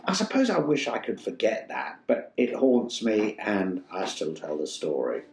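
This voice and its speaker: An older man from Yorkshire, a stage actor telling stories in an interview with a theatrical, animated manner. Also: low-pitched, a little slow, vocal fry. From Yorkshire, England. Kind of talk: casual interview storytelling. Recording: roomy echo, faint music.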